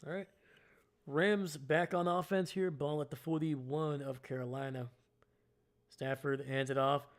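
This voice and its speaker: Here a man gives casual, self-deprecating live fan commentary and play-by-play, his voice medium in pitch. He speaks unhurriedly with long pauses, though big plays make him excited.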